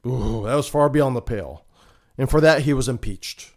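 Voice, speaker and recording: A male podcast host works through the day's headlines, reading passages straight and then undercutting them with dry sarcasm. His voice sits at an ordinary middle pitch for a man. He sounds like a regular commentator talking to his listeners. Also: moderate pace, darkish tone. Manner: sarcastic, mock-emotional asides. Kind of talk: political commentary, reading news aloud. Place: Florida.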